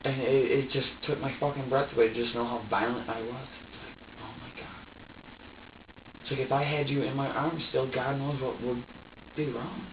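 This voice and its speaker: A man under police questioning who recounts events haltingly, repeating himself and swearing. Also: medium pitch, level tone, background noise. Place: police interrogation room. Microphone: distant room camera mic. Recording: dull, echoey room audio from far off.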